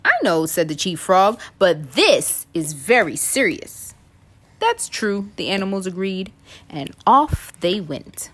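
A woman in her thirties reading a children's picture book aloud, playful and expressive, acting out the animals' voices. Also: medium pitch, slow. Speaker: storytime reader, mom. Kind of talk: children's storybook read-aloud.

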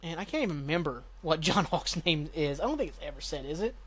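A man hosting a podcast, casually recapping a TV episode in a rambling way, swearing and jumping into quick voices for the characters. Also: a little high, very animated, fairly bright tone, breathy edge. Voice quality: rambling, swears, acts out lines with quick voice jumps. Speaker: podcast host.

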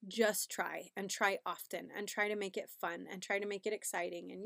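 A woman's voice: lowish voice, level tone, moderate pace, vocal fry, a bit bright, no room sound. Chatty pregnant woman, dry close sound. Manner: chatty, upbeat, often asks "right?". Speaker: podcast host. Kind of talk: casual parenting podcast talk.

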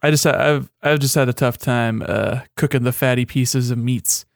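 A man's voice: mid-range voice, fairly even intonation, moderate pace, gravelly, no room sound. A young man co-hosting a podcast in casual chat, teasing his co-host with dry, wry remarks.

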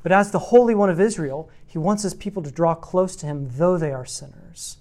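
A man's voice: a little high, a little fast, a little mellow. A man teaching a church class on meditating on scripture, working through numbered points and repeating rhetorical questions. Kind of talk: teaching sermon.

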